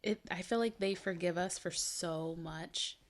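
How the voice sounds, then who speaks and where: A woman's voice: on the low side, a little slow. A young adult woman co-hosting a podcast, telling chatty stories and using filler words often. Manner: chatty storyteller, leans on "like". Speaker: podcast co-host. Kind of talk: casual podcast chat.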